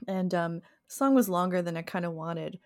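低沉干声的闲聊女主持人. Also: female voice, lowish voice, moderate pace, a little mellow, dry recording, studio quality. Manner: chatty, laughs often, storytelling. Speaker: podcast co-host. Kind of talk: casual chat.

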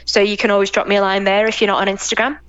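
A woman's voice: medium pitch, little pitch movement, racing, fairly bright tone, clean tone, no room sound, dull audio. A British woman in a casual interview over a call, chatty and effusive, laughing often. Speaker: interview guest, pinup model. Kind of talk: casual chat. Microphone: call recording.

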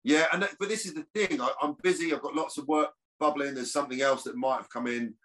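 A man's voice: fairly high pitch, fast talker, a bit bright. A man, an actor chatting as a podcast guest, rambling with restarts. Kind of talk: casual podcast chat.

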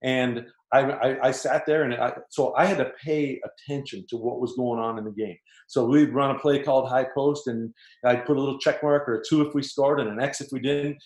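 A man's voice: mid-range voice, fairly even intonation, brisk, darkish tone. A man from Canada, a former basketball player, telling stories as a guest and acting out his coaches' lines. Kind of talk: casual storytelling. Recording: roomy echo.

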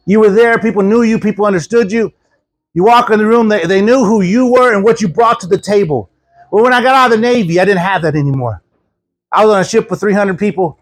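A man preaching a sermon at a church service, telling stories with animated quoted voices and chuckles. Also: high voice, fast. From Houston, Texas. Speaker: guest preacher.

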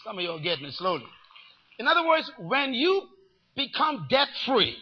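A man preaching a sermon with dramatic swings from shouts to near-whispers and many rhetorical questions. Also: sits high, husky. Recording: dull lo-fi recording.

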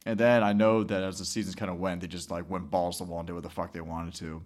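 A man's voice: low voice, level tone, fast. A man co-hosting a podcast in casual chat, profane and rambling, laughing often. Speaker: podcast co-host.

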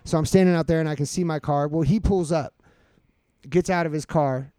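A man's voice: fairly high pitch, a little fast, mellow, no echo. A young man hosting a podcast, telling a rambling, profane story to his friends in casual talk full of fillers. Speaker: podcast host.

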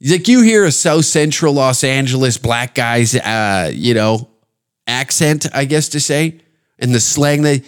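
A man's voice: medium pitch, unhurried, clear, resonant tone. Crude rambling Canadian man. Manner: crude, rambling, animated with put-on quotes. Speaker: podcast host. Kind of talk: casual comedic rant.

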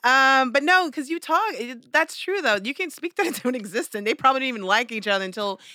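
A woman's voice: high voice, fast, dry recording. A woman co-hosting a casual chat, telling stories in an emphatic, talkative way. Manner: animated storyteller, emphatic and talkative. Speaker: podcast co-host.

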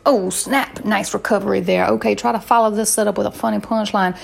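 A woman hosting a comedy show, trading deadpan banter and puns. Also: mid-range voice, fairly quick, gravelly. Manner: deadpan, punning.

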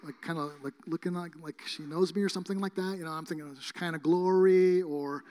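High-voiced preacher in a reverberant hall. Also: male voice, fast talker. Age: middle-aged. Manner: animated, acts out both sides of conversations. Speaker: pastor. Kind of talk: sermon storytelling. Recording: long reverb of a large hall.

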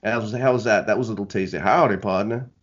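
A man's voice: on the low side, fairly even intonation, racing, dull audio. A man hosting a podcast in casual, rambling, self-deprecating chat. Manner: rambling, self-deprecating, many fillers and restarts. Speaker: podcast host.

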